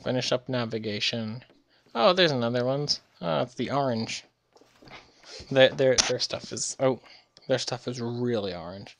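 A man's voice: medium pitch, unhurried, gravelly, a little hiss or hum. A tired man giving casual, rambling commentary over a strategy game, often correcting himself mid-sentence. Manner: rambling, self-correcting, chatty. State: recovering from illness. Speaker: let's play gamer.

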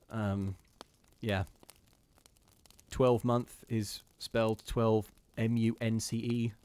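A man's voice: lowish voice, level tone, takes it slowly, warm tone, smooth. A man hosting a live ghost story reading, chatting casually with his viewers between passages in a self-deprecating way.

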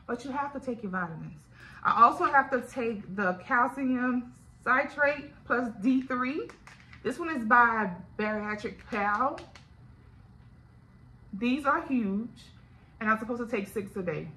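Talking straight to camera in a casual video diary, a vlogger with a Louisiana accent speaks candidly to her viewers. She sounds a little high, bright, and forceful, at a slightly slow pace, on a rough recording.

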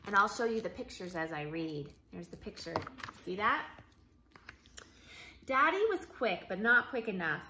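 A woman teacher reading a picture book aloud to young children, with clear and expressive storytelling. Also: medium pitch, measured pace, noisy background. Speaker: early learning teacher.

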